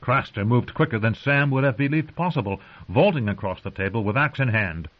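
A man reading an audiobook in a steady, dramatic narration, on a dull lo-fi recording. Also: mid-range voice, a little fast.

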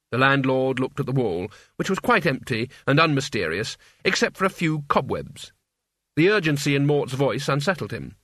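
A man narrating a story aloud in an expressive, wry reading. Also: mid-range voice, normal speed, no echo, clean studio sound. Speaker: audiobook reader. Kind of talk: scripted narration.

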